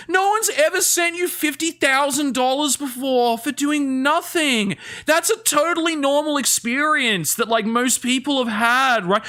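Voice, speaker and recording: Lively, bright-voiced sarcastic male streamer. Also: very high voice, measured pace, hardly any pauses. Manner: sarcastic, sweary. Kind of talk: casual reaction commentary on stream.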